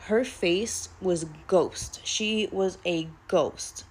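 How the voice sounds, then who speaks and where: A woman's voice: on the low side, extremely slow, darkish tone, slightly rough. A woman casually telling a personal spiritual story, chatty and rambling, peppered with "like.". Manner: chatty, rambling, heavy use of "like".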